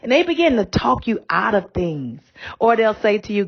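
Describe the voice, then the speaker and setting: A woman's voice: mid-range voice, animated, moderate pace, muffled recording. A woman bishop giving a podcast sermon in a conversational, down-to-earth way.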